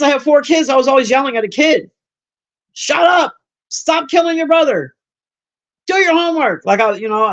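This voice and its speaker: A loud, brash woman in her fifties chatting casually on a live stream from her room, teasing and roasting her viewers. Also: mid-range voice, highs cut off. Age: 50s. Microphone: own desk mic.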